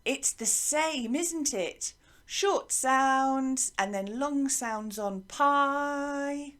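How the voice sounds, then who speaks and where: A woman teaching a music lesson to young children, asking lots of questions in a slow, lively way. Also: high-pitched. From England. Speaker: primary school music teacher.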